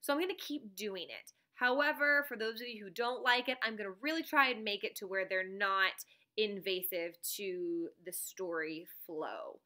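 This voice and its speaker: With frequent bursts of laughter, a teacher who makes reaction videos chats and rambles casually to viewers from home on a camera mic. Her voice is mid-range and sharp in tone, her speed normal.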